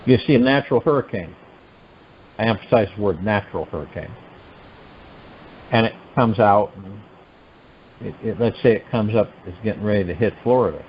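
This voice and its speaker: A man hosting a meditation call, giving a spiritual teaching talk in an animated, musing way full of rhetorical questions. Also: on the low side, moderate pace, long pauses, highs cut off, a little hiss or hum. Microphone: telephone conference line.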